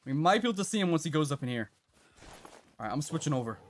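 Excitable male game streamer. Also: fairly high pitch, rapid-fire, a little hiss or hum. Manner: chatty, reacts loudly with laughs and gasps. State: out of breath at times. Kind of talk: live gameplay commentary.

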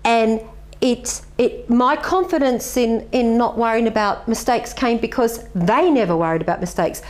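A woman's voice: a little high, normal speed. A middle-aged woman, a martial arts master giving earnest, reflective interview answers and telling stories with animation.

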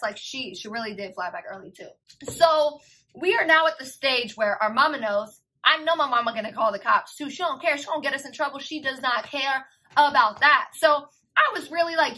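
Young woman vlogger, high and bright, casual storytime delivery, slangy and profane, animated. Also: poor audio.

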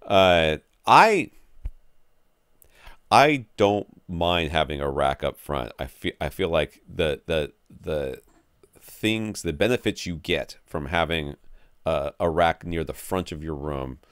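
A man's voice: very deep voice, expressive, slow, a bit bright, smooth, no room sound, clean studio sound. A man co-hosting a podcast, giving rambling, jokey home theater advice with lots of restarts. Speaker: podcast co-host. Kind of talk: casual chat answering listener questions.

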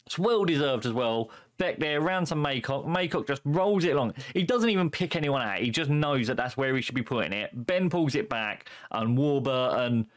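A man's voice: medium pitch, moderate pace, hardly any pauses. A young man commentating a football management game on stream in a playful way, chuckling often and cracking puns. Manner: chuckling, punning, excitable.

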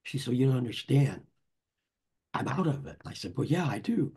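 Older man, gravelly, husky, lowish voice, rambling stories. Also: very animated, normal speed. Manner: rambling, warm anecdotes with restarts. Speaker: author and guest. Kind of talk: conversational storytelling.

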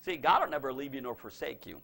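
A man preaching a fervent revival sermon, repeating his phrases and swinging from shouted emphasis to hushed lines. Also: mid-range voice, lively intonation, fast, gravelly.

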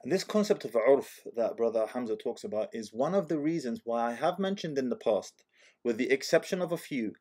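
A man from Algeria hosting, who talks in casual commentary, asks rhetorical questions and acts out quotes as an animated storyteller. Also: mid-range voice, fairly quick. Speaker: host.

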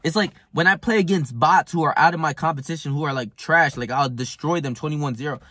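Brash, husky-voiced young man ranting. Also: on the high side, brisk, no room sound, studio quality. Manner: brash, profane, boastful ranting; swings into loud mocking put-on voices. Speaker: self-improvement vlogger. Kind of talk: casual monologue to camera.

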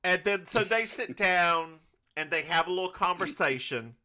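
A man's voice: high-pitched, expressive, moderate pace, pushed and bright. A man with a Southern US accent co-hosting a comedy podcast, teasing and joking with frequent stammered restarts. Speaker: podcast co-host. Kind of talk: casual comedic chat.

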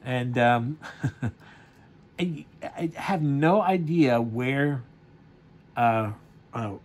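A man's voice: medium pitch, extremely slow. A man casually reviewing a comic, rambling with many fillers and chuckles.

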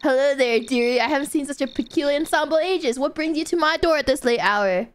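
A woman's voice: sits high, fairly quick, lightly acted. A text-to-speech voice playing a wary elderly grandmother in a game, prim, old-fashioned and politely refusing. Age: older. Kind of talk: game character dialogue.

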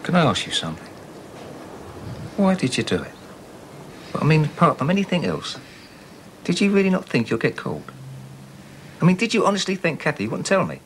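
An actor playing a husband who tries to calm his wife and then questions the man who hurt her. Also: on the high side, fairly quick, pauses often, noisy background. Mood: probing. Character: protective husband of a distressed wife. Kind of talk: television soap drama.

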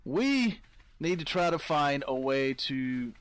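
A man's voice: on the high side, big pitch swings, takes it slowly, no echo. A man giving casual let's-play commentary, chatting to his viewers and easily startled into yelps and laughs. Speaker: gameplay commentator.

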